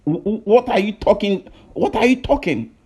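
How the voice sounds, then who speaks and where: Ghanaian man, high voice, angry rant, repeats himself, hesitant fillers. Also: expressive, moderate pace, a little mellow, breathy edge. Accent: Ghanaian English. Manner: heated and accusing, repeats phrases, many hesitations. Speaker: online commentator.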